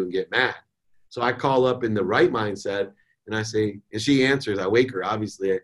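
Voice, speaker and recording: A middle-aged man, a podcast guest, telling a motivational story in an emphatic way that swings between soft and forceful. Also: fairly low pitch, fairly quick. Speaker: guest, entrepreneur and speaker.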